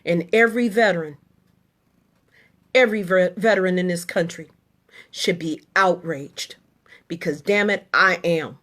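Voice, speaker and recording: Speaking to the camera with measured pacing and frequent pauses, a middle-aged female military veteran delivers an indignant political monologue. Her medium-pitched, fairly bright voice keeps returning to short, emphatic, repeated lines.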